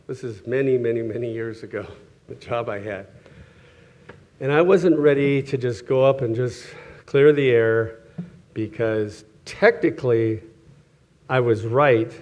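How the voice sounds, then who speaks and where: A man's voice: medium pitch, darkish tone. Chuckling conversational male preacher. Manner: conversational, self-correcting, chuckles often, acts out quoted voices. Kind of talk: sermon with personal stories.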